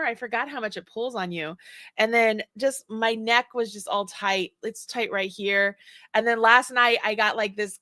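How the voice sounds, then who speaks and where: A woman's voice: on the high side, bright, forceful tone, no room sound, clean studio sound. A woman in her forties hosting a casual chat show, talking in a rambling way with many restarts and laughs. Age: 40s. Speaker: host.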